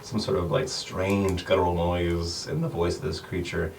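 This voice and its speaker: Deep-voiced man narrating as game master. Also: flat delivery, moderate pace, darkish tone, a little hiss or hum. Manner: descriptive, with many fillers. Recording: distant mic with music behind.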